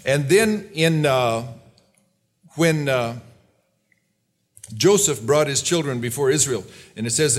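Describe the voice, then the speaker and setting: His medium-pitched voice has lively intonation, and he takes it slowly with long pauses. In this sermon, the man reads Bible verses aloud, briefly dramatizes characters' lines, and loosely explains them, often restarting.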